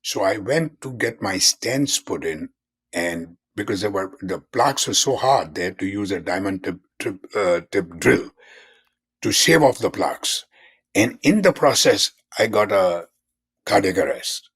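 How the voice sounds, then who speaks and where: An older man speaks as a physician guest in an interview, his voice low and husky. He explains earnestly and comes back to key terms again and again. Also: expressive, measured pace, a bit bright. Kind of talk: conversational interview.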